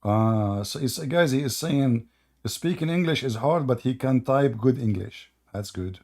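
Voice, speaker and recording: A man with a tired, gravelly voice hosts a casual livestream. He talks in a mocking, joking way at an ordinary pitch, with a rough crackle in his voice. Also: unhurried, a little mellow. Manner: mocking, joking, laughs at his own stories. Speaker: host.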